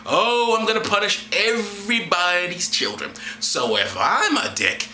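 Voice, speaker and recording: A high-pitched, very bright male voice swings wildly up and down as he reads scripture aloud. He keeps breaking off into crude, mocking sarcasm. The room around him is echoey. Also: big pitch swings, a little slow, a little hiss or hum. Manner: mocking, profane, exaggerated sarcastic asides. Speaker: vlogger. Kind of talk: sarcastic scripture reading with commentary.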